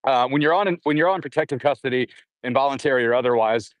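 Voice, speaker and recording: A man's voice: quick pace, dry recording. Man rambling through a jail story. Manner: rambling with frequent fillers and restarts; acts out quoted voices in a raised pitch. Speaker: guest recounting jail time. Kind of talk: casual storytelling.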